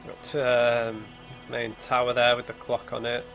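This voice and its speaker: A man's voice: mid-range voice, completely flat delivery, normal speed, gravelly, pushed and bright. A man thinking aloud as he plays a story game blind, musing over clues and muttering asides to himself. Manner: musing aloud, thinking things through as he explores. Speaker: let's play gamer. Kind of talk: blind let's play commentary. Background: eerie game music and hymns.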